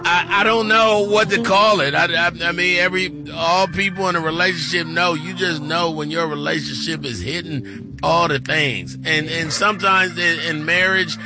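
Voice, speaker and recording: A middle-aged man with a high, light voice co-hosts a gospel morning radio show from the studio. He chats in a playful, churchy way and now and then breaks into shouted praise. A clear music bed plays under him. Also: fairly even intonation, normal speed. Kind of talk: casual gospel radio chat.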